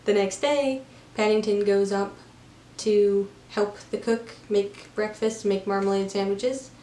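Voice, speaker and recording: A woman's voice: medium pitch, fairly even intonation, unhurried, dark tone. A woman reviewing a film, retelling its plot in a chatty, casual way with lots of fillers. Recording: roomy room, faint background noise.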